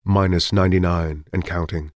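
Male audiobook narrator, very deep voice, dry close recording, measured and somber delivery. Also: steady tone, no room sound. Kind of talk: scripted narration.

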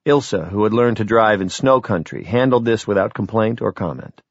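Male audiobook narrator, steady and wry; dry, slightly lo-fi sound. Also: on the low side, normal speed, no room sound. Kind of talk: scripted narration. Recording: slightly dull, lo-fi recording.

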